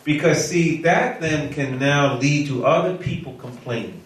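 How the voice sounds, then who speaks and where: Man teaching a Bible class in an echoey room. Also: fairly high pitch. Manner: slow, solemn reading, then conversational teaching with questions. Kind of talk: reading scripture and teaching a group. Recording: echoey room, mic far off.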